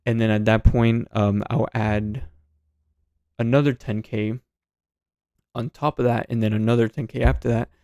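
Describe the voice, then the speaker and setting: A man's voice: medium pitch, level tone, normal speed, pauses often, dark tone, clean tone, dry recording, clean studio sound. A man hosting a trading channel, thinking aloud in a casual chart walkthrough with lots of fillers and restarts.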